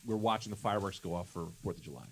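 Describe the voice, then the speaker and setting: A man's voice: sits low, very fast, a little hiss or hum. A man on a live stream telling a long story in a casual, profane way, often restarting his sentences. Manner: animated, profane, self-interrupting.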